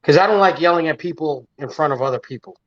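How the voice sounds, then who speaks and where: A man trading blunt, profane jokes in a relaxed chat. His voice sits a little high. The audio is dull and lo-fi. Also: quick pace, dry recording. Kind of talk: casual chat.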